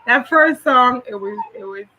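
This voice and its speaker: A woman's voice: on the high side, expressive, normal speed, bright, forceful tone, low-quality recording. A woman giving casual, blunt reaction commentary on a video, laughing as she talks. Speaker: reaction vlogger.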